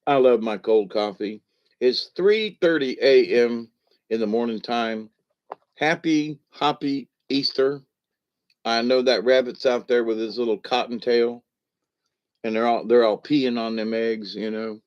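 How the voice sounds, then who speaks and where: A man's voice: mid-range voice, unhurried, highs cut off. Rambling folksy man on a livestream. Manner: rambling, folksy, reacting to chat. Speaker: livestream host. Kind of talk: casual late-night chat.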